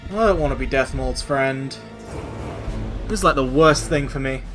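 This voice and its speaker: A man's voice: mid-range voice, normal speed, over music. A man streaming a video game, giving sarcastic, rambling, sweary commentary. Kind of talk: let's-play commentary.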